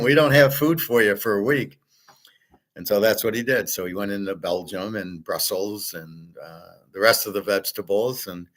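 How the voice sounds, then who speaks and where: A middle-aged man with a lowish, slightly bright voice lectures a class casually. He's blunt and rambling, swears freely, and keeps restarting sentences and repeating words.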